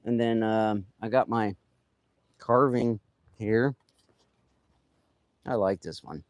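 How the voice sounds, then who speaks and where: A man's voice: on the low side, steady tone, slow pace, no echo, studio quality. Rambling man chatting while carving. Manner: rambling, trails off, lots of fillers. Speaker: chainsaw carver streaming live. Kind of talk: casual live-stream chat while working.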